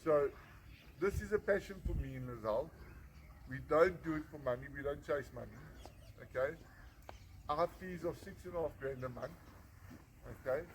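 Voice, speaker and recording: A man in his late forties tells his testimony in an earnest, emphatic way, hammering home repeated phrases. His voice sits a little high for a man. It was recorded outdoors, with clear background noise and birds. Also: normal speed, pauses often, low-quality recording. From South Africa. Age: 40s. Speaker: rehab centre founder. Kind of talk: personal testimony.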